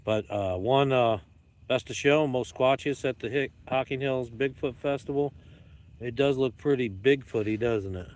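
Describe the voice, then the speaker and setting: This is casual, joking vlog talk from a YouTuber filming outside at dusk among his dogs. The man's voice sits in the mid range, a little mellow, moving at normal speed as he plays the rambling showman for the camera.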